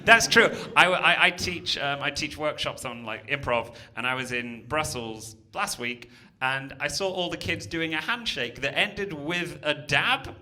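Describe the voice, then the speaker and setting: A young British comic working the room, his voice bright and sharp with a lot of swing in the pitch. He chats with the audience and teases them, sometimes dropping into silly mock voices. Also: expressive, measured pace. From Britain. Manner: chatty, teasing, breaks into mock voices. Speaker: comedian. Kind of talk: stand-up crowd work. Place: comedy venue before a live audience.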